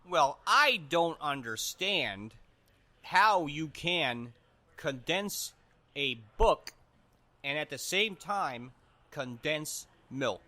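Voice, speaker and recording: A man's voice: fairly high pitch, animated, very slow, pushed and bright, exaggerated voice. A man playing a rambling, self-important humanitarian guest who stumbles over his words in an improvised comedy podcast bit.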